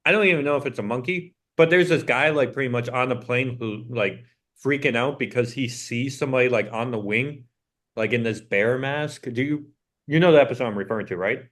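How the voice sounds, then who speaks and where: A young man co-hosts a podcast in loose, rambling chat, dropping "like" into nearly every phrase. His voice sits in an ordinary middle pitch. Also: brisk, a bit bright. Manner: rambling, peppered with "like". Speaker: podcast co-host. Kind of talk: casual chat.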